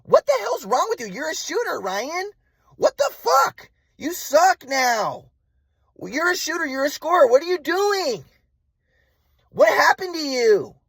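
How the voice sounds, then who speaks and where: A woman's voice: very animated, a little slow, no echo, exaggerated voice. Man doing a shrieking furious mother. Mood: screaming. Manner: berating, swearing, shrill.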